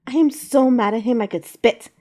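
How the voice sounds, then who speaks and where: Woman voicing a grumpy shop girl, snappy, mellow tone, storybook read. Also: a little high, normal speed, pitched above the performer's own voice, lightly acted. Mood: angry. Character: young adult female animal shopkeeper, fiery and irritable.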